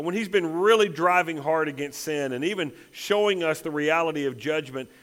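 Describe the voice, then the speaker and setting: A man's voice: fairly high pitch, a bit bright. A man preaching a sermon as pastor, emphatic and building to intense repeated phrases. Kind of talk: expository sermon.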